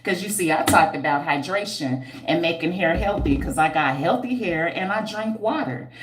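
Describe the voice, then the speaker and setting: Speaking at normal speed in a fairly low, reverberant voice, a hair care entrepreneur hosts a casual livestream. Reading viewer comments, she's blunt and slangy, teasing, animated, and preachy, often squealing and laughing.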